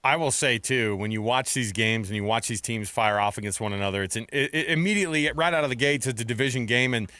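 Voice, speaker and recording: A man's voice: mid-range voice, fast talker, few pauses, pushed and bright, dry recording. A man hosting a sports radio show, talking enthusiastically and rambling, with frequent restarts, into a studio microphone. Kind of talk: casual sports radio chat.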